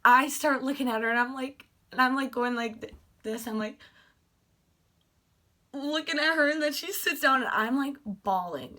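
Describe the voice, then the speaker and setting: Bright-voiced gushing young woman vlogger. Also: fairly high pitch, normal speed. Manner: gushing, animated, many fillers like "like". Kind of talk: excited storytelling vlog.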